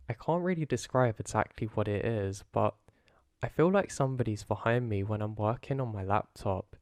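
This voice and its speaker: A man calmly narrating a first-person horror story in a low-key way. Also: gravelly, dry recording, clean studio sound. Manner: calm, low-key retelling.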